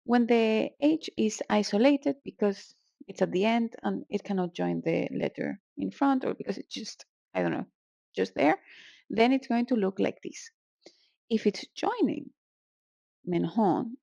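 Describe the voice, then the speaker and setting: Gravelly-voiced woman teaching sounds playfully. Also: mid-range voice, very animated, normal speed, dark tone, dry recording, muffled recording. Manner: playful, exaggerates sounds for effect. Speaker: Arabic teacher. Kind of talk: casual language lesson.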